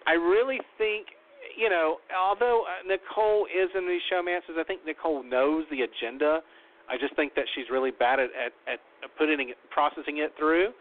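Blunt opinionated guy talking it over, kinda high voice, sounds like he's on a tinny phone line. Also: normal speed. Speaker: reality show recap host. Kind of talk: casual commentary.

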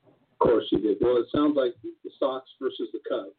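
A man's voice: medium pitch, moderate pace, breathy edge. A man speaking earnestly in casual conversation, often restarting his sentences. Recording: tinny phone-like line.

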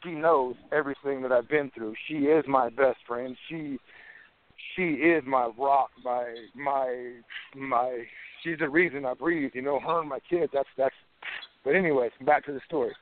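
A man's voice: medium pitch, fairly even intonation, normal speed. Rambling man on a tinny phone line. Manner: rambling, chuckles often, fills with "man" and "you know". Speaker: guest, professional fighter. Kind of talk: casual storytelling in an interview.

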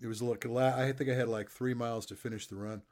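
A man's voice: mid-range voice, fairly even intonation, fast, a little mellow. A middle-aged man interviewing a guest and coaching, telling loose, joking stories in a casual chat. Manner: chatty storyteller, loose and joking.

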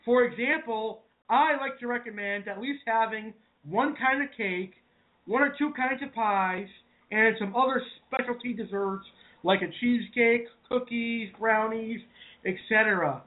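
A man from Massachusetts talks to his viewers in a chatty, casual way, calling them "folks." His voice sits high for a man. The sound is thin and narrow, like audio coming through a phone. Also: measured pace. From Massachusetts, New England. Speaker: cooking show host. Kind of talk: casual online show talk.

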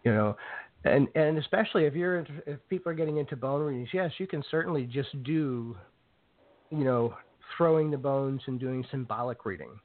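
A man's voice: medium pitch, animated, fairly quick, no room sound. Male host, casual chat, heavy "you know" filler, dry tinny phone-line sound. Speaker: show host. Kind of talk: casual podcast conversation.

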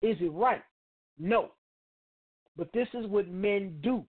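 A man's voice: sits high, takes it slowly. Middle-aged man, blunt and profane, street slang, radio host monologue, tinny phone-like sound. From Chicago, United States. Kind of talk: opinionated monologue.

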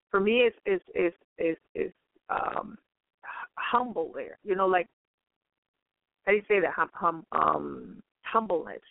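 A woman giving an earnest preaching testimony, halting and repeating her words often. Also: medium pitch, no room sound. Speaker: guest speaker. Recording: tinny phone-like line.

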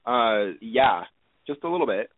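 A man co-hosting a fan podcast, retelling a TV episode in a chatty, joking way. His voice sits at an ordinary pitch but comes through thin and phone-like, with a faint hiss behind it. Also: animated, a little slow. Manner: chatty, recaps at length with playful asides. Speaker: podcast co-host recapping an episode. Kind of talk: casual podcast chat.

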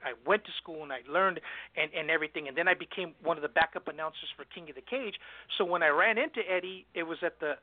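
A high-voiced man hosts a radio show at a quick clip and laughs often. His voice sounds dry and tinny, like a phone line. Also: no echo. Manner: fast, excitable, laughs often. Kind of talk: casual radio chat.

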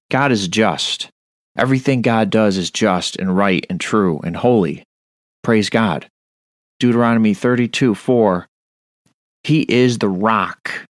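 A man's voice: on the low side, no room sound, clean studio sound. A man preaching a Bible study on a radio show, earnest and stern, reading scripture aloud. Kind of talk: sermon-style Bible study.

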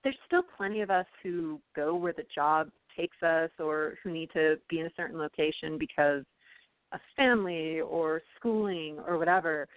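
A woman's voice: low-pitched, normal speed, no room sound. Thoughtful woman author on a phone line. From California, US. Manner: thoughtful, with frequent ums and you-knows. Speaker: author and interview guest. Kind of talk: casual interview talk. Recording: tinny, dry phone-line audio.

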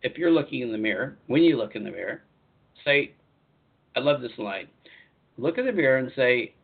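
A man working as a spiritual life coach, hosting a live online talk show in a chatty, repetitive way with lively emphasis. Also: mid-range voice, normal speed, vocal fry, breathy edge, phone-quality sound.

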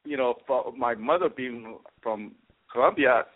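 A man's voice: mid-range voice, measured pace. A man hosting a talk radio interview, repeating and restarting his words often. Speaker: radio host. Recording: tinny phone-line sound.

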